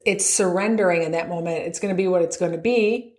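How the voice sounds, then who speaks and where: A woman's voice: on the low side, fast, darkish tone, echoey room. Laughing, upbeat woman golf coach. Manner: upbeat, laughs often, acts out inner voices. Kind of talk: podcast coaching talk.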